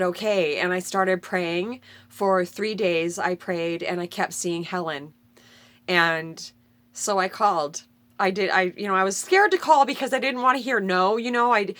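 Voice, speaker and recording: A middle-aged vlogger tells a heartfelt personal story, earnest and rambling, often correcting herself mid-sentence. Her medium-pitched voice has a fairly bright tone, with no room sound.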